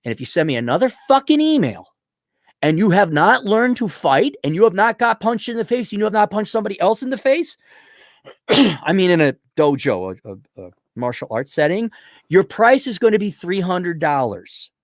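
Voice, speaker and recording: A middle-aged man hosting a livestream, blunt and profane, keeps clearing his throat because his voice is going. His pitch is a touch high, and it jumps all over as he gets worked up. The sound is close and dry, with no room in it. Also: very animated, normal speed, dry recording. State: losing his voice. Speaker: livestream host reading viewer donations. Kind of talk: blunt opinionated livestream rant.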